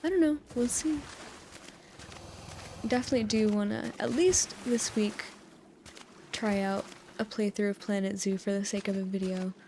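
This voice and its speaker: Brief: chatty young American woman, mid-pitched, rambling gamer talk to fall asleep to, close mic, faint hiss. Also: moderate pace, pauses often, warm tone. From United States. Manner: chatty, giggly, meandering storytelling. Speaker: gaming YouTuber. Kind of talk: rambling sleep-time gameplay chat. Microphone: USB dynamic mic close up.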